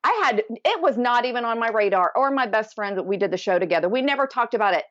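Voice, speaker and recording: Woman in her 40s, lively storyteller guest, muffled dry audio. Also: a little high, fast talker, no echo. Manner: animated storyteller who acts out quoted voices. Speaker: podcast guest. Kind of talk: casual storytelling interview. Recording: dull, dry, slightly lo-fi sound.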